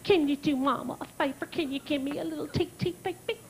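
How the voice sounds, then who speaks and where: A woman comedian voicing a motherly female nurse who talks in soft cooing baby talk. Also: high-pitched, fast. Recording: live crowd and noise.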